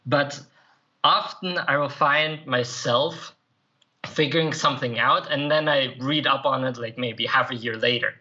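An earnest man being interviewed as a self-improvement coach, answering in a reflective, conversational way. His tone is bright and forward. The recording sounds slightly dull and lo-fi. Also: mid-range voice, a little slow. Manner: earnest, reflective, with light laughs and fillers. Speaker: podcast guest, self-improvement writer and coach.

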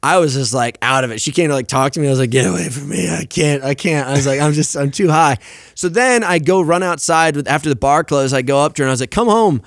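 A young man tells stories on a podcast, his voice sitting a little high. He's animated, swears freely and acts out what everyone said. The sound is dry and close. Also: fast talker, no echo. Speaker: podcast guest. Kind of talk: casual storytelling chat.

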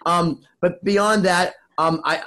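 A man co-hosting a podcast in casual chat, rambling and animated, swearing freely. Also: high voice, slow, a crowd in the background. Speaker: podcast co-host.

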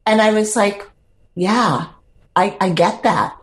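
A woman's voice: mid-range voice, slow pace. An older woman, a podcast guest, telling her personal story in an earnest, heartfelt way, close to tears at times.

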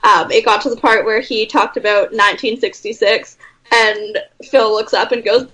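A woman's voice: on the high side, normal speed, a bit bright, slightly rough, low-quality recording. A young woman from Canada, co-hosting a casual chat in a rambling, chatty way and laughing often. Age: young adult.

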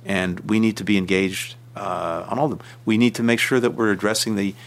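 A man, a senior official, giving measured interview answers with emphatic stresses and frequent restarts. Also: lowish voice, fairly even intonation.

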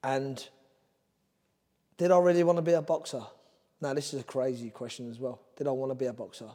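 A man's voice: mid-range voice, steady tone, fairly quick, dark tone, long reverb tail. Earnest Cockney-accented man, rambling. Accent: London Cockney. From Ireland. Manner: rambling, earnest, drifts off topic. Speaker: former boxer, guest. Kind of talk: candid podcast interview.

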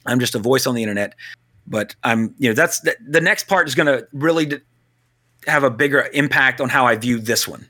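A man co-hosting a casual film talk, blunt and animated, swearing now and then. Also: medium pitch, a little fast. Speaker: podcast co-host.

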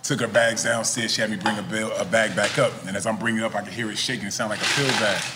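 A man telling a story in a casual chat, lively and acting out the voices of the people he quotes. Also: lowish voice, fast talker, heavy background noise. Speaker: guest, cannabis business owner.

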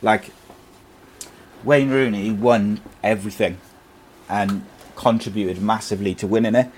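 A man's voice: fairly low pitch, steady tone, measured pace, a little hiss or hum. A man hosting a podcast, chatting casually about football and reading out listener comments. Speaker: podcast host.

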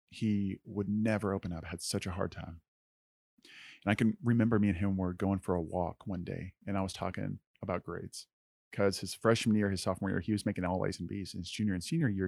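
A man co-hosting a faith-based podcast about mentoring youth, talking in a relaxed way with lots of "like" and soft trailing endings. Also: low-pitched, creaky, no echo, studio quality. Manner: relaxed and conversational, full of "like", trails off softly.

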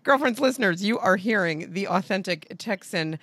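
A woman from New England hosting a podcast interview, enthusiastic and quick to laugh. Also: medium pitch, animated, a bit bright, dry recording. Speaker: podcast host.

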